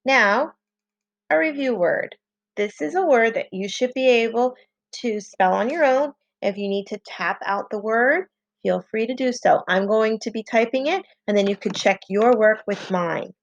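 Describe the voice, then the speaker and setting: A woman teacher leads a slow, patient spelling lesson for children, sounding out letters one at a time. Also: on the high side, vocal fry, no echo, lo-fi sound. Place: home, online lesson.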